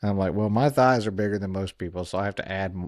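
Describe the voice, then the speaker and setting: A man's voice: fairly low pitch, quick pace, a little mellow, no room sound. A man co-hosts a laid-back podcast, close to a mic stand in a very dry room. He rambles, pokes fun at himself and trips over his own sentences as he goes. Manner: rambling, self-deprecating, restarts often. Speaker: podcast co-host. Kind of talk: casual podcast chat. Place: home studio at a mic stand.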